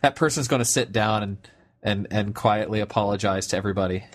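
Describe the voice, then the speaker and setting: A man's voice: lowish voice, fast. A young man chatting casually on a podcast, rambling with many restarts and fillers. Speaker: podcast co-host. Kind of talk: casual chat.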